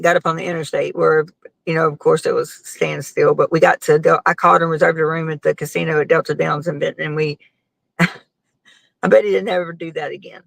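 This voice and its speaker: A woman's voice: low-pitched, vocal fry, dry recording, poor audio. A middle-aged woman, hosting a casual live chat and telling a long, rambling story full of fillers. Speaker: host.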